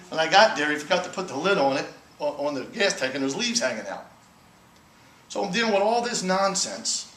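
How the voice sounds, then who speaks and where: A man's voice: medium pitch, roomy sound, a little hiss or hum, poor audio. A man telling his business story to an audience, acting out conversations and asking "right?" often. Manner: animated storyteller acting out dialogue, frequent "right?". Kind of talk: motivational talk to an audience.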